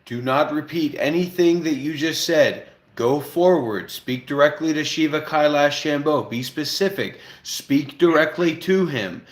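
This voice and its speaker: A man hosts a livestream and issues blunt, commanding instructions. His voice sits slightly high for a man. The room around him adds a noticeable echo. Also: measured pace, hardly any pauses. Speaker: livestream host. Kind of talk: casual livestream talk. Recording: roomy echo.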